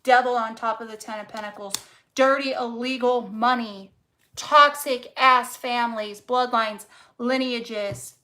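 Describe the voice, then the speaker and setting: A woman's voice: sits high, sharp tone, low-quality recording. A woman reading tarot cards casually to camera, fervent and encouraging, swearing freely and repeating words for emphasis. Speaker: tarot reader.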